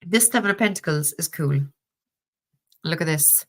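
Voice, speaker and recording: A woman's voice: deep voice, expressive, normal speed. A woman with a Cork Irish accent chatting casually on a live stream, laughing often and swearing freely while reviewing a tarot deck. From Ireland.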